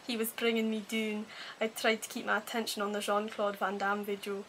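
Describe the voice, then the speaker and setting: A woman's voice: mid-range voice, completely flat delivery, a little fast, heavy background noise, close to an everyday voice. A woman voicing a gritty young male junkie narrator in a clumsy, attempted Scottish accent. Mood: flat, gritty.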